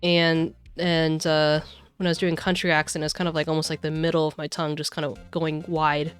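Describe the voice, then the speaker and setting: A woman streamer chatting casually and rambling while she plays a game. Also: sits low. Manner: chatty, rambling, many fillers.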